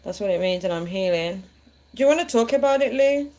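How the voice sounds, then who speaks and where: A woman's voice: medium pitch, expressive, a little fast, a little mellow. A woman hosting a live stream, chatting with viewers in a chatty and encouraging way. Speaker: livestream host.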